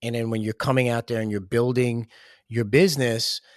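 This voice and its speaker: A man's voice: mid-range voice, fairly even intonation, moderate pace, no room sound. Brief: male podcast host, reflective and conversational, dry close recording. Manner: reflective, asks long questions. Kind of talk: podcast interview.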